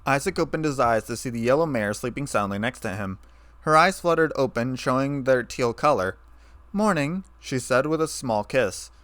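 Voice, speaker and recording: A man narrating a fan story in a steady, even reading voice. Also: mid-range voice, no room sound.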